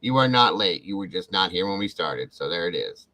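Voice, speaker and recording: Male livestream host, lower-pitched, bright forceful tone, effusive chatty greetings. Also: big pitch swings, moderate pace, rough recording. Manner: warm, effusive, calls out viewer names. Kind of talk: casual livestream chat, greeting viewers.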